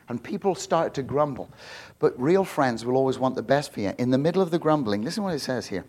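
A pastor delivering a sermon in a church, in an animated, unscripted way. He gets loud and climbs high to stress a point, then drops to a low, quiet storytelling tone. He often repeats and restarts his words. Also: brisk. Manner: animated, loud and rising on emphasis, with many restarts.

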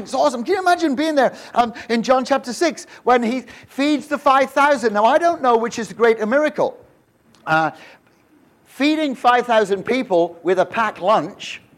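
A man preaching a humorous sermon, telling stories with jokes, rhetorical questions and frequent restarts. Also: very high voice. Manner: storytelling, joking, many restarts and rhetorical questions. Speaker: pastor.

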